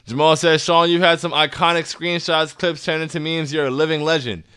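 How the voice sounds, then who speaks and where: Hyped young man with a bright, crisp voice. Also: fairly high pitch, level tone, brisk. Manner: hyped, slangy, drops to soft and earnest. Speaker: fan show host reading chat. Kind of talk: casual livestream chat.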